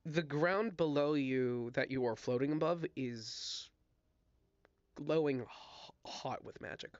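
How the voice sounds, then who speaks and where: A man's voice: mid-range voice, slow, smooth, no room sound, muffled recording. A man narrating as dungeon master in a casual online tabletop game, talking loosely and apologizing now and then. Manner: casual, apologetic, coughing at times.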